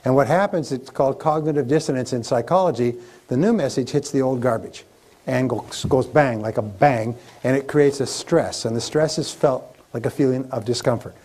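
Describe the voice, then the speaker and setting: A man speaking at a live motivational seminar, in a voice of ordinary middle pitch. He talks with emphasis and keeps hammering home the same phrases. He leads the audience in repeating them back to him. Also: moderate pace, a little mellow. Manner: emphatic and repetitive, leading the audience in chants.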